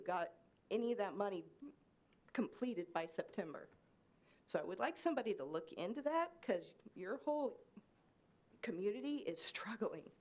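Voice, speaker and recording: A woman from Kansas speaking during public comment at a city meeting, pleading and emotional, her voice rising. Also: medium pitch. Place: city commission meeting room.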